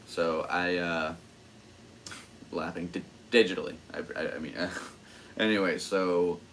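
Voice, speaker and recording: A man's voice: deep voice, fairly bright tone, a little hiss or hum. A young man and podcast host chatting casually about his stand-up comedy, rambling and full of fillers. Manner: rambling, self-amused, lots of fillers. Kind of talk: casual solo chat.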